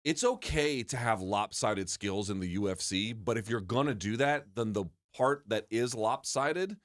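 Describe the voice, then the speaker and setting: A man's voice: fairly low pitch, unhurried, a bit bright. A man co-hosting a sports show, talking in an opinionated, emphatic way with many restarts. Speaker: podcast co-host. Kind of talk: casual sports debate.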